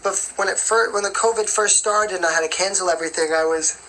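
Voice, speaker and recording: A woman's voice: medium pitch, fast talker, bright, forceful tone, a little hiss or hum, poor audio. A young woman singer answering fan questions in a casual live-stream chat, rambling along with lots of "like" and "you know".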